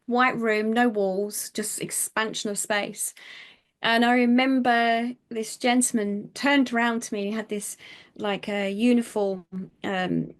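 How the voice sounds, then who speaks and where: A middle-aged woman, a psychic medium telling her life story in an interview, animated and chatty with many fillers. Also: a little high, measured pace. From United Kingdom.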